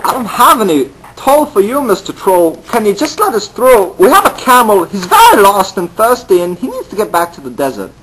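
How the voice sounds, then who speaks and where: Man doing a high-voiced, sly storybook squirrel, bouncy and crude. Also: huge pitch swings, a little fast, hardly any pauses, fairly bright tone, breathy edge, full character voice, rough recording. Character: chatty male squirrel, cheerful and crude. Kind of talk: storybook reading for kids.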